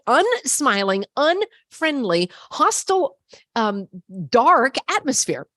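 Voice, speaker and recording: Animated, indignant woman telling a story. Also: mid-range voice, dry recording, clean studio sound. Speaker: vlogger. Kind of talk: casual storytelling to camera.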